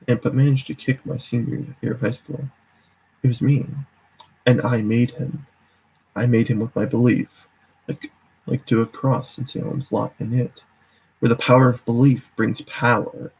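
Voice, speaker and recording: Gravelly male reader, husky and dark. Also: medium pitch, rough recording. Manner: stumbles and corrects himself often. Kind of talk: casual live story reading.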